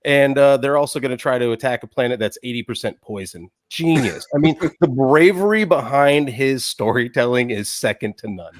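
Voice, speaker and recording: A man, co-hosting a podcast with sarcastic, deadpan jokes. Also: medium pitch, moderate pace, hardly any pauses, dry recording. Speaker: podcast co-host. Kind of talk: casual chat.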